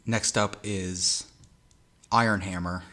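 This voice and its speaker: Male game master, low voice, relaxed descriptive narration, casual fillers. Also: slow pace.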